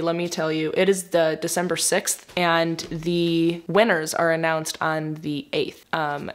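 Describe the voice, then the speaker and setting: A young woman with a stuffy nose from a cold, rambling emotionally through a casual book review vlog and laughing often. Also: on the low side. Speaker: book vlogger.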